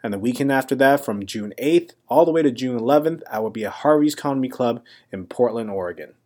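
A young adult man spins a casual story about himself as a comedian hosting his own show. He speaks at an ordinary, mid-range pitch with a dry, self-mocking delivery. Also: expressive, fairly quick, a little mellow. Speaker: comedian and podcast host.

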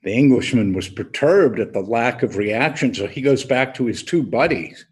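A man preaching a sermon as an unhurried storyteller, pausing deliberately as he leads into his point. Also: medium pitch, animated, husky. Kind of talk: sermon with a told joke.

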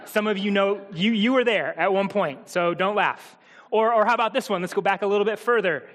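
A male pastor with a high-pitched voice preaches in a relaxed, humorous way, talking straight to his congregation. His voice rings with the long reverb of a church hall. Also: a little fast. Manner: humorous, conversational, addresses the congregation. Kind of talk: sermon.

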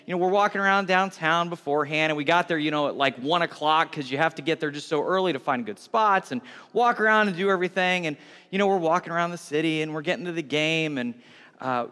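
A middle-aged pastor, telling a rambling story from the stage in a chatty way. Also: male voice, high-pitched, pushed and bright. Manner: chatty, rambling anecdotes with restarts. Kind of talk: conversational sermon storytelling. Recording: reverberant hall.

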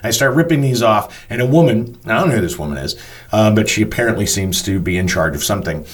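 Man telling a lively story. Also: lowish voice, fast talker. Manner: animated, casual, swears freely. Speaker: front of house manager. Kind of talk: personal storytelling.

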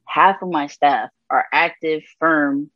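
Low-voiced woman, animated storyteller. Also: takes it slowly, no room sound, highs cut off. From Puerto Rico. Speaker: gospel rapper and interview guest. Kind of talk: candid conversational testimony.

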